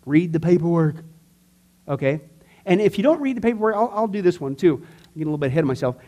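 A man teaching a church discipleship class, earnest and conversational, swinging from emphatic to quiet. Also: fairly high pitch, animated, quick pace.

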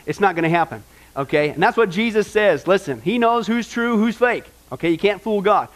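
A man's voice: high-pitched, expressive, fairly quick. A man pastor giving a folksy sermon, often asking the congregation questions.

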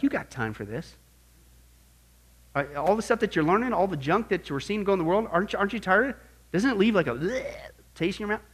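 A middle-aged man teaching a Bible class in an animated sermon style, swinging from quiet asides to loud exclamations. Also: high voice, husky.

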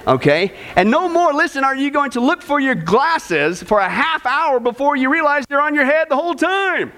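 A man preaching a sermon to a congregation, telling jokes and stories in an animated way. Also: extremely high pitch, moderate pace. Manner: animated, joking storyteller. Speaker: pastor. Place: church before a congregation.

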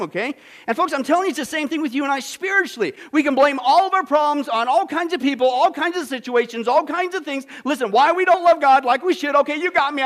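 Pastor, male, very high voice, dynamic delivery that jumps between soft and loud. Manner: dynamic, swings from hushed to loud, repeats "listen". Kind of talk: sermon.

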